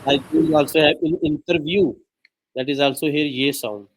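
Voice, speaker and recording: Male tutor, halting filler-heavy explanations, online lesson, light background noise. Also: fairly high pitch, steady tone, poor audio. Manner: hesitant, many "uh" and "you know". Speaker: language teacher.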